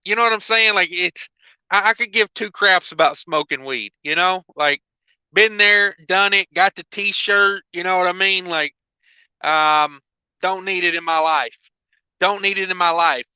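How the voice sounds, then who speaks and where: Rambling male trucker host, bright tone. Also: sits high, unhurried, clean tone, no echo. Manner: rambling, filler-heavy, laid-back. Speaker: trucker hosting a livestream. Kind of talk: casual livestream chat. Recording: dull lo-fi dry sound.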